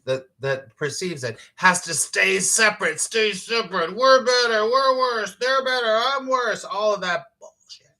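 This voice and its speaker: A man hosting a casual spiritual talk, reading comments from his audience, emphatic and quick to laugh, sometimes swearing. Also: a little high, breathy edge. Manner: animated and emphatic, laughs easily, acts out inner voices. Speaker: spiritual teacher hosting a live morning show.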